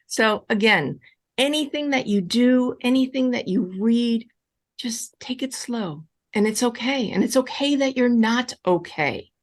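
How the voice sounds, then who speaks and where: A woman relationship coach answering audience questions in a live online session, speaking emphatically and repeating key reassurances. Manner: animated, with wide swings in pitch.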